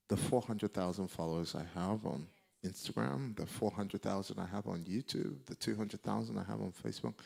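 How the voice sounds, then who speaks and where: Gravelly-voiced male preacher. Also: sits low. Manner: emphatic, repeats key lines for effect. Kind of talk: sermon.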